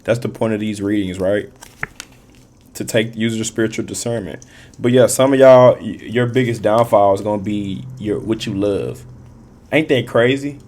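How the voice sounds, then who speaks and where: A man's voice: lowish voice, moderate pace, darkish tone. A man giving a casual tarot reading, rambling and repeating himself, in loose, profane street slang with frequent laughs. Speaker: tarot reader.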